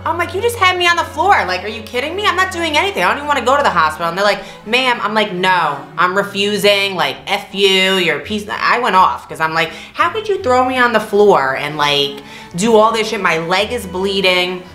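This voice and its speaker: A young woman tells a story casually to her co-host, acting out the other people's voices with big jumps in pitch and laughing now and then. Her voice is bright and clear. It sounds like an echoey room with faint music behind her. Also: lively intonation, fairly quick. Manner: laughs often mid-story. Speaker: vlog co-host.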